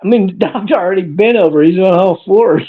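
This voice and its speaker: A man's voice: high voice, brisk. A man hosting a livestream podcast, rambling crudely and chuckling as he answers viewers. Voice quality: gravelly. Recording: tinny phone-like audio.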